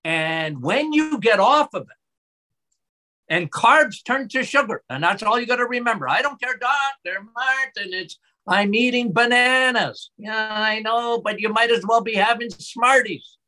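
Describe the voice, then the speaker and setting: A bright, forceful male voice of a middle-aged doctor talking about health. He gets excitable and his pitch climbs as his passion builds. He delivers short, emphatic statements. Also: a little slow. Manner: excitable, voice rises when excited. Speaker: doctor, podcast guest.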